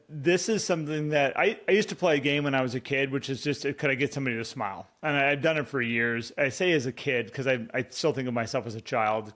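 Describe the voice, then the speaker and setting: A man co-hosting a podcast in casual conversation, animated and fond of acting out his own inner dialogue. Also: medium pitch. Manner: animated, acts out inner dialogue in quoted voices. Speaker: podcast co-host.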